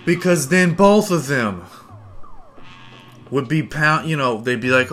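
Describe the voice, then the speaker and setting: Bright-voiced man ranting profanely. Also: medium pitch, expressive, slow pace, long pauses, soft background music. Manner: profane, rambling, mock-boastful. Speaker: podcast host. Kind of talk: comedic rant monologue.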